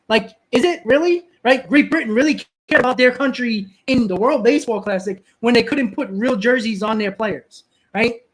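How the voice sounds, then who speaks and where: Argumentative man hosting a live stream. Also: extremely high pitch. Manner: argumentative, repeats words and restarts, answers chat. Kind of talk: casual live-stream rant.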